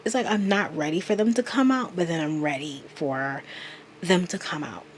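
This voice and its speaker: A woman's voice: fairly low pitch, moderate pace, slight background noise. A woman in her thirties talking straight to camera in a confessional vlog, earnest and emotional as she confides in her viewers. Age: 30s. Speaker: vlogger.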